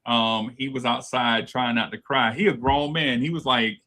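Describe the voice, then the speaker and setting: A man telling a childhood story in casual chat, animated and acting out voices as he goes. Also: medium pitch, moderate pace. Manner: animated, laughing storyteller who acts out voices. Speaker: podcast co-host.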